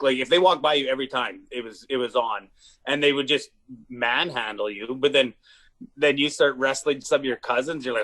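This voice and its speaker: Husky-voiced Canadian man telling stories. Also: mid-range voice, fast talker. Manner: animated, swearing, acts out quotes. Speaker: comedian guest. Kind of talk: casual storytelling.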